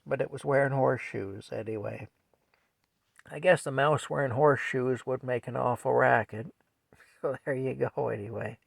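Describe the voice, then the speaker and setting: A man's voice: mid-range voice, gravelly, dry recording, low-quality recording. An older man telling a family story in a rambling, folksy way, often chuckling.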